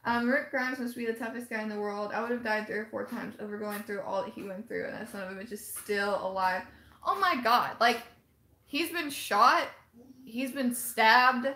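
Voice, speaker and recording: A woman hosting a casual live chat, talking fast and animated, reading viewer comments aloud and laughing often. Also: medium pitch, reverberant. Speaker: live stream host.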